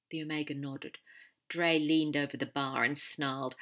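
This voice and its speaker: A woman narrating a story in an expressive audiobook reading. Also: low-pitched, normal speed.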